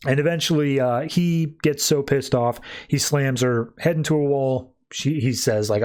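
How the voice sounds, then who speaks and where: A man's voice: mid-range voice, moderate pace, few pauses, a little mellow. A man co-hosting a podcast, recapping a comic story in a casual, filler-heavy way and briefly voicing the characters as he quotes them. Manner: retells the plot, quoting characters in brief put-on voices. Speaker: podcast co-host.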